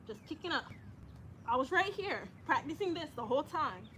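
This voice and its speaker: A young woman talks casually to her live-stream viewers between exercises. Her voice sits high and sounds bright. She giggles often and repeats phrases, recorded on a phone camera. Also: expressive, normal speed, a little hiss or hum. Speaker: livestreamer reading chat comments.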